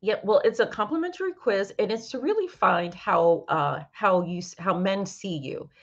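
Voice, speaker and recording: Speaking at a moderate pace and medium pitch, a woman from Brooklyn, New York, who works as a sex coach, chats as an interview guest. She's an animated storyteller who imitates others in her tales, though the recording is muffled.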